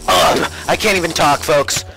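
Excitable young man doing game commentary. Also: fairly high pitch, unhurried, music in the background, poor audio. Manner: mock-polite family-friendly showman, excitable, yelps and shouts in panic. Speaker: gaming commentator. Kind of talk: Minecraft PvP let's play commentary.

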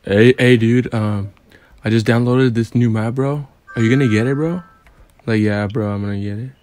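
A man's voice: medium pitch, steady tone, moderate pace, a little mellow, slight background noise, pitched below the performer's own voice, close to an everyday voice. A young man imitating a friend: a laid-back teenage gamer who drawls and says bro a lot. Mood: lazy chill. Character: laid-back teen boy gamer chatting about a map.

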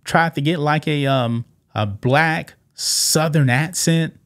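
A man's voice: on the high side, a little slow, hardly any pauses, a bit bright. A man hosting political commentary over clips, emphatic and repetitive, who keeps tossing in "man". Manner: emphatic, repeats points and keeps saying "man". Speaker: commentary channel host.

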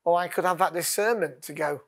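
A man preaching a sermon as pastor, earnest, leading call-and-response lines and dropping to a hush. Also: fairly high pitch, fairly quick, gravelly.

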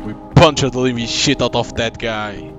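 A man's voice: mid-range voice, fairly even intonation, normal speed, music in the background. A man doing live gameplay commentary at his computer, talking plainly and reading out in-game dialogue. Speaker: gaming channel host.

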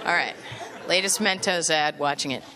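A woman's voice: low voice, normal speed. A woman comedian doing a self-deprecating, sardonic stand-up set on stage at a music venue. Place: large music venue before a live audience. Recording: live stage recording with loud crowd laughter and noise. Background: audience laughter and applause.

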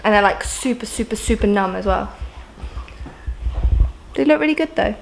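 A woman's voice: mid-range voice, lively intonation, moderate pace, vocal fry, slight background noise. A young woman from Jersey, chatting casually to camera in a home vlog, full of "like" and "um" fillers. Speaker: vlogger. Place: at home indoors. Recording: roomy echo.

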